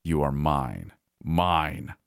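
Man doing evil mirror monster, horror reading; extremely deep, slow, taunting. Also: big pitch swings, creaky, smooth, dry recording, studio quality, full character voice. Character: evil male mirror monster, mocking and cruel.

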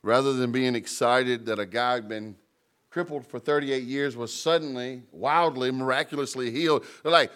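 A man's voice: mid-range voice, normal speed, fairly bright tone, clear, resonant tone. A male pastor preaching a sermon in a mid-range voice. He leans hard on key words and repeats them for emphasis. He moves easily between solemn prayer and casual asides to the congregation.

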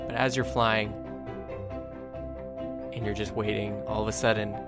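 Relaxed man narrating as game master. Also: lowish voice, unhurried, loud music behind the voice. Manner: relaxed, loose narration with fillers.

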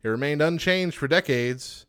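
A man's voice: on the high side, normal speed, a bit bright, clear, resonant tone. A man co-hosting a podcast, reading out trivia facts and joking around with frequent laughter. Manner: jokey, laughs often, reads trivia then riffs. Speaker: podcast co-host. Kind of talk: casual chat, reading facts.

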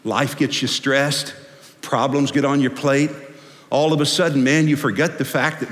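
A man preaching a sermon as pastor, folksy and animated, swinging from loud to hushed. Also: medium pitch, normal speed. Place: church sanctuary. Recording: long hall reverb.

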